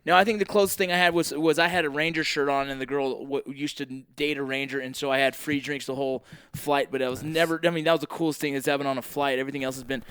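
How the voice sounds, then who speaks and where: A man on a podcast chatting in a quick, excitable way and swearing often. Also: mid-range voice, smooth, no echo. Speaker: podcast guest. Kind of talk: casual chat.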